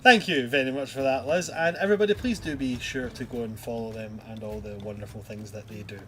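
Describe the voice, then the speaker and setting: A man's voice: medium pitch, fairly quick, a bit bright, slight background noise. A man hosting a tabletop game stream as game master, chatting loosely and energetically, with swearing and laughter. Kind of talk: casual end-of-stream chat.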